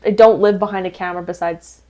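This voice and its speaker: A woman co-hosting a podcast in casual chat over drinks, talking fast with lots of fillers and frequent laughter, recorded on an indoor podcast set. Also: medium pitch, fairly even intonation, mellow, dull audio. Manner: chatty and giggly, many "like" fillers. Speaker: podcast co-host.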